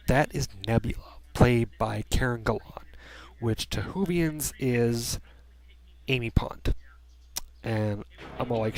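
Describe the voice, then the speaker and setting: A man's voice: mid-range voice, slow. A man giving a casual spoken movie review from a room at home, rambling with many restarts and fillers.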